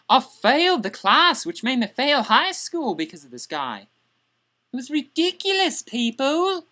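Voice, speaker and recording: A woman's voice: high-pitched, bright, forceful tone, exaggerated voice. A woman playing a crude, indignant young man who rants exasperatedly in a comedic character vlog.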